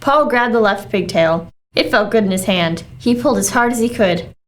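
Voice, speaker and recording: A woman reads a children's book aloud, telling the story expressively. She has a mid-range voice and reads at a normal speed.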